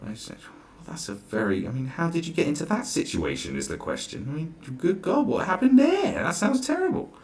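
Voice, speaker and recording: A man's voice: on the high side, wildly swooping pitch, a little fast, darkish tone. A man ranting sarcastically through a reaction commentary, exasperated and swearing freely. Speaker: commentary vlogger.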